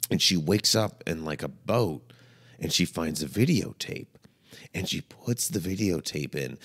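A man hosts a comedy podcast in a deep, low-pitched voice. He talks in a playful, mock-dramatic way. His pitch leaps from low mutters up to high exclaims. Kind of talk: comedic monologue.

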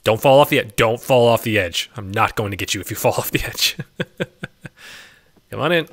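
A man's voice: lowish voice, moderate pace, pauses often. A man giving casual gameplay commentary as a let's play host, chatty and often laughing, coaxing game animals in a singsong voice.

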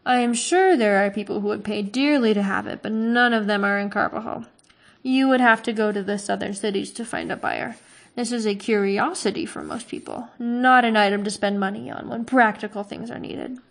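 A woman voicing a cautious male traveling trader in a storybook reading, speaking in a measured, explaining way. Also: mid-range voice, vocal fry, close to an everyday voice. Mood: grave.

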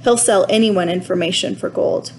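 A woman's voice: normal speed, a little hiss or hum, lightly acted, poor audio. Woman doing a sobbing frightened boy. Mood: sullen. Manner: sobbing, high-pitched pleading. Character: frightened, tearful boy who blames others.

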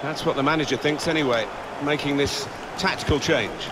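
A man giving measured, scripted play-by-play football commentary in a broadcaster's style. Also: fairly high pitch. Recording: game commentary over loud stadium crowd.

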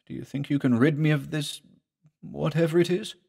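A man's voice: fairly high pitch, fairly even intonation, normal speed, gravelly, a little mellow, breathy edge, pitched above the performer's own voice. A man voicing a male patient in pain who pleads with his doctor in a strained, anguished voice. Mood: desperate. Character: suffering male patient, desperate and haunted.

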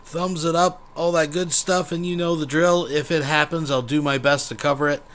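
A man hosting his own channel, giving a relaxed, folksy sign-off to viewers. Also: a little high, normal speed. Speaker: host. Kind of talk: casual sign-off.

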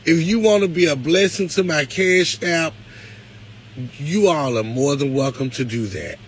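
Male streamer, higher voice, emotional and preachy, light background hum. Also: measured pace, rough recording. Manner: emotional, close to tears, preacherly. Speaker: live-stream host. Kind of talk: emotional livestream talk to viewers.

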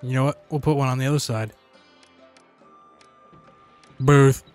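Racing through his casual commentary, a gaming channel host speaks in a steady, smooth, slightly mellow mid-range voice over faint background music. He's profane and sarcastic, talking back to the game characters on screen.

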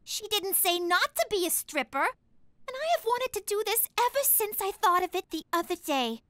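A shrill spoiled teen daughter. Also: female voice, animated, moderate pace, fairly bright tone, no room sound, clean studio sound. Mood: whiny. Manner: whiny, melodramatic, mood flips. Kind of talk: adult cartoon voice acting.

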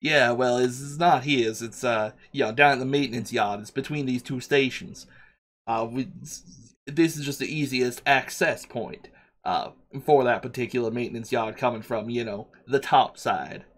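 A friendly, burly subway maintenance worker, as a man puts him on. He rambles in an easygoing, chatty way at an ordinary middle pitch. This is a tabletop game character. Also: normal speed, fairly bright tone, natural voice. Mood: helpful.

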